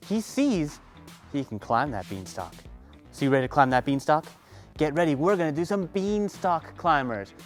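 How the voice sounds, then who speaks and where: A woman telling a children's story and leading the listeners through movements in an encouraging way. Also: low-pitched. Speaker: kids' movement instructor.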